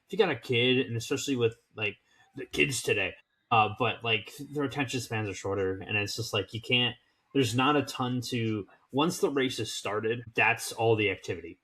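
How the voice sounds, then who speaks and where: 20-something guy on a podcast, crisp bright voice, laid back, cracks jokes. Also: medium pitch, normal speed. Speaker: podcast co-host. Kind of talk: casual chat.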